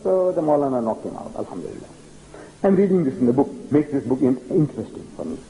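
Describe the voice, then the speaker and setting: An older man from South Africa giving a storytelling lecture, animated and emphatic, often repeating key phrases. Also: medium pitch, fast talker, a little hiss or hum, rough recording.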